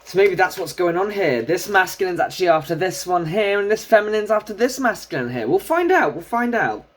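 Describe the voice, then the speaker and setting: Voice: mid-range voice, lively intonation, brisk. A tarot reader giving a casual solo reading, chatting and thinking aloud while drawing cards.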